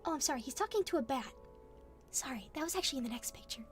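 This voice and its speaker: A young woman streaming soft ASMR storybook reading, speaking gently and often giggling. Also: high voice, animated, racing, soft background music. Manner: gentle, giggly, softly spoken.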